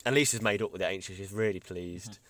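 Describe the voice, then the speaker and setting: A man with a low voice recaps a cartoon episode for his podcast, laughing as he goes and filling pauses with ums. The sound is dry and close, with no room echo. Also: sharp tone. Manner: retells scenes with laughs and many ums. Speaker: podcast co-host. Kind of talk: casual chat, recapping an episode.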